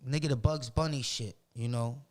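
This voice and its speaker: A man's voice: medium pitch, normal speed. Profane man telling stories. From Roxbury, Boston. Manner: profane, animated storyteller. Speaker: podcast guest. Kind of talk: casual storytelling.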